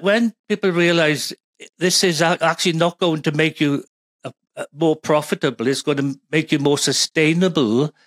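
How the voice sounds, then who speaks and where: A man's voice: a little high, a bit bright, no echo. A man with a Welsh accent, a guest speaking as a supply chain expert, rambling with many fillers and restarts. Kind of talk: conversational interview.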